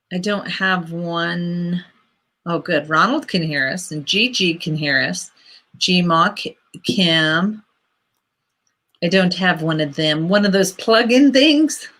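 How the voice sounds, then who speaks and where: Slow-talking woman on a livestream call. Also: fairly low pitch, lively intonation, fairly bright tone. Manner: chatty, laughs often, sorting out tech trouble. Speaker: livestream co-host. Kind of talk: casual livestream chat. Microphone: computer mic on a video call.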